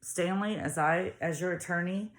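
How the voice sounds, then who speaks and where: A woman voicing a small, determined woman lawyer who speaks forcefully and indignantly. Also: on the low side, normal speed, pitched above the performer's own voice, lightly acted.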